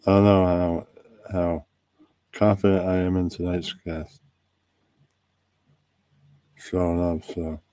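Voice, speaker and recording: A man with a very deep voice hosting a casual pre-stream chat, rambling and relaxed while he sets up. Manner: relaxed, rambling, talks to himself while setting up. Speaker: podcast host.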